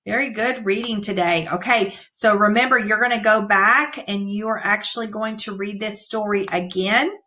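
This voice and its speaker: A woman teacher giving an online reading lesson to young children, reading sentences aloud slowly and patiently. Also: mid-range voice, pushed and bright. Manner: slow, clear, patient read-aloud.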